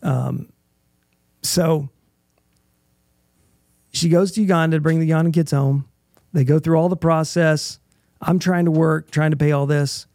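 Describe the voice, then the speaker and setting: A middle-aged man, a guest in an interview, earnestly telling a personal testimony in halting bursts with restarts. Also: fairly high pitch, steady tone, darkish tone, no echo, studio quality.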